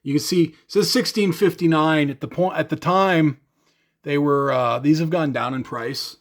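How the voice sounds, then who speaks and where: A man's voice: on the high side, normal speed. A man from Canada telling a rambling, chatty story to camera about shipping his gear. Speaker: gear vlogger.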